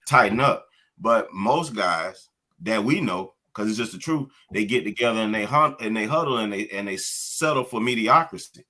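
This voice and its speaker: A man's voice: lowish voice, lively intonation, moderate pace, pushed and bright. A man co-hosting a casual podcast chat, speaking earnestly and reflectively about holding each other accountable. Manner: earnest, reflective, drops agreeing "yeah"s. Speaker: podcast co-host.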